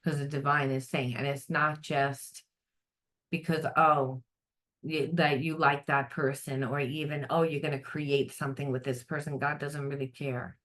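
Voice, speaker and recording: A middle-aged woman with a low voice talks through a spiritual reading off the cuff. She is blunt and lively, swears without pause, and slips into quick quoted voices to make her point. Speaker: psychic tarot reader.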